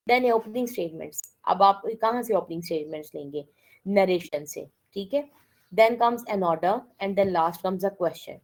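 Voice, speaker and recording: A woman's voice: on the low side, racing, rough recording. A woman giving a classroom lecture, mixing languages and often checking with "okay?". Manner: code-switches and keeps checking with "okay?".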